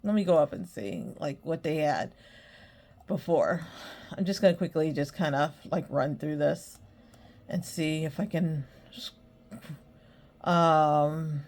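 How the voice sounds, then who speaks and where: A woman's voice: deep voice, slow pace, long pauses, darkish tone. A woman hosting her own podcast, chatting casually and rambling, often breaking into giggles. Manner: rambling, many fillers. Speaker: podcast host. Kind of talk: casual solo chat.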